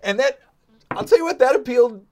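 A man co-hosting a casual reaction chat, joking and sarcastic with quick asides. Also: very high voice, lively intonation. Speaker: co-host.

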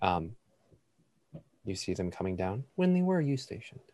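A man narrating a tabletop role-playing game as game master, relaxed, with frequent fillers. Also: low-pitched, moderate pace, slight background noise.

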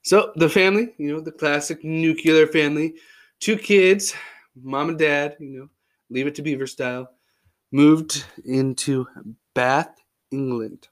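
Male podcast host, slightly high voice, goofy and joking, loose chatty storyteller. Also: steady tone, measured pace. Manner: jokey and goofy, with playful tall tales; loose and chatty, with frequent fillers.

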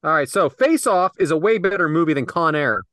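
Lively bright-voiced man, casual podcast. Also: fairly high pitch, fairly quick, dry recording, clean studio sound. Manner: joking, argumentative. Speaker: podcast co-host. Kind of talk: casual chat.

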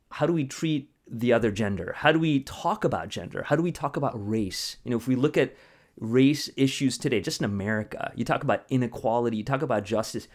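A man, a mathematician, explaining ideas conversationally with analogies, often checking in with a rhetorical "right?". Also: mid-range voice. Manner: animated, asks rhetorical questions and tags "right?". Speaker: mathematician guest.

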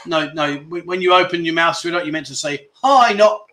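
Chatty male livestream host, bright timbre, self-deprecating banter with viewers. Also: on the high side, level tone, fairly quick. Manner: chatty, jokey, self-deprecating, reads comments aloud. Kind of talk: casual chat reading viewer comments. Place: home livestream setup.

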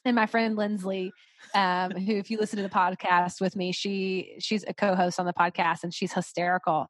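A woman's voice: medium pitch, fairly even intonation, a little fast, no room sound. A woman hosting a podcast, telling stories expressively and reflecting thoughtfully in casual conversation. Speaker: podcast host.

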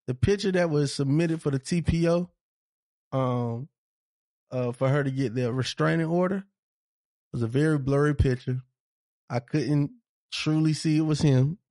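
A man's voice: a little high, moderate pace, long pauses, darkish tone, no echo, studio quality. A man co-hosting a casual podcast chat, heated and profane, repeating his points for emphasis. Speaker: podcast co-host.

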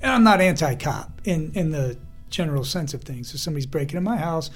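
A man hosting a podcast in casual chat, an animated storyteller who acts out the voices he quotes and laughs often. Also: a little high, quick pace, soft background music. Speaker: podcast host.

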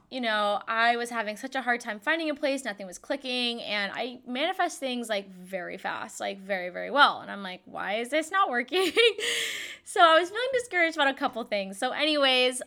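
Woman, young adult, podcast host, casual storytelling, smooth clear voice. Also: fairly high pitch, sharp tone. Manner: chatty, frequent "like" fillers, yawns and laughs.

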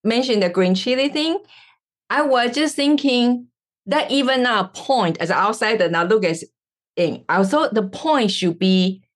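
A woman interviewing a couple, asking questions in halting, searching phrasing. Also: medium pitch. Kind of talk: casual interview.

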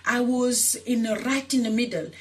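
A woman's voice: fairly high pitch, moderate pace. A woman activist from Senegal who grew up in France, telling her personal story in an interview, earnest and emotional, with many restarts. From Senegal, raised in France. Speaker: activist guest.

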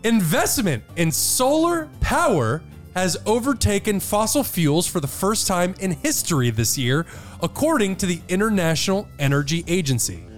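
A male podcast host who reads out news stories, then riffs on them and laughs often. His voice is high and leaps around with lively pitch swings. Soft music plays faintly behind him. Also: moderate pace. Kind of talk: casual news-discussion banter.

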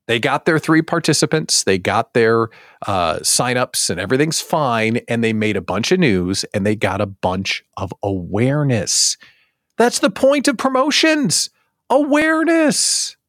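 A man hosting a casual live morning show from his basement, jokey and animated, acting out little scenes as he talks. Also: lowish voice, normal speed, no room sound, studio quality. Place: home basement studio.

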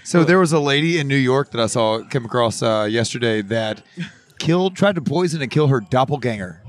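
A man's voice: mid-range voice, expressive, fairly quick, dry recording. A man appearing as a podcast guest, making dry, sarcastic jokes in casual banter.

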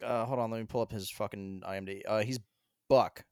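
A man's voice: fairly low pitch, steady tone, fairly quick, darkish tone, clean tone, no echo, clean studio sound. A young man from Colorado co-hosting a live stream, chatting casually and swearing freely as he tells stories. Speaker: stream co-host. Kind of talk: casual chat.

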